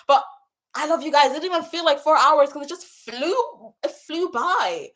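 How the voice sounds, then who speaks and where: A woman with a somewhat high voice hosts a live stream and chats casually with her viewers. She talks with a passionate, gushing energy, repeating her phrases and calling out viewers one after another. Her delivery is loose and unscripted, typical of a spiritual coach talking straight to her audience. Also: animated, moderate pace. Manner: effusive and passionate, repeats herself, shouting out viewers. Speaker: spiritual coach and livestream host. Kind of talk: casual livestream chat reading out comments.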